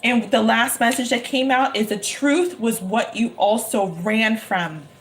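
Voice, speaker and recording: A high-voiced woman doing a live-streamed tarot reading. She is emphatic and excitable and repeats her lines over and over, with faint noise behind her. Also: measured pace. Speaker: tarot reader.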